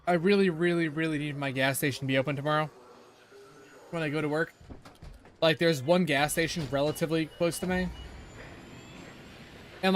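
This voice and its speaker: A man's voice: a little high, slight background noise. A young man streaming a game, chatting casually and rambling with lots of fillers and swearing. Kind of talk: casual gameplay chat.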